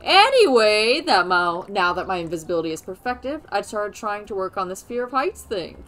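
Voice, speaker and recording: A woman's voice: medium pitch, sing-song, moderate pace, fairly bright tone. A woman reading game dialogue aloud, voicing a chatty, boastful male chameleon who is a little nervous.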